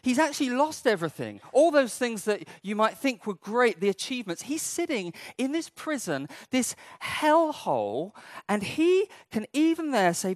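A man's voice: extremely high pitch, no echo. A man preaching a sermon in a humorous, conversational way, acting out little quoted scenes.

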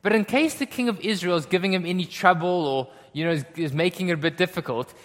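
A pastor preaches a sermon conversationally, frequently checking in with listeners by asking "okay?" and "right?". His voice sits high and he speaks quickly, with long hall reverb in the recording.

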